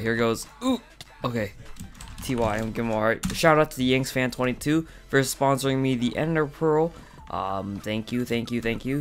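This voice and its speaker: A man giving casual, excitable gameplay commentary, talking directly to his viewers with frequent outbursts. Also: lowish voice. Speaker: gaming channel host.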